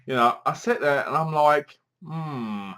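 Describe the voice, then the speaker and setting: A man's voice: on the high side, steady tone, moderate pace, sharp tone, smooth. Chatty man reviewing a film. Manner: chatty, exasperated, retells scenes with quoted lines. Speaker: movie reviewer. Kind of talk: casual spoken film review.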